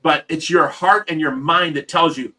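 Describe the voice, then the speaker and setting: Man, middle-aged, from Ohio, livestream host, casual storytelling, rambling, frequent restarts, bright forceful voice. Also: a little high, normal speed.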